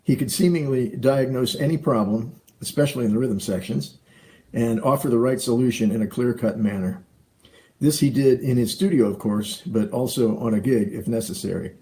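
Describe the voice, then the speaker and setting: A man reading a measured, formal tribute to a late musician friend. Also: mid-range voice, mellow. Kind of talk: read tribute.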